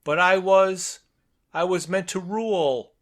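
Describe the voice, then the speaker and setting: A man reading out a grandiose, power-mad ancient would-be king from a comic book, his voice lifted a little above its usual pitch. He proclaims his lines slowly and deliberately, like a ruler who cannot believe he is losing. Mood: desperate.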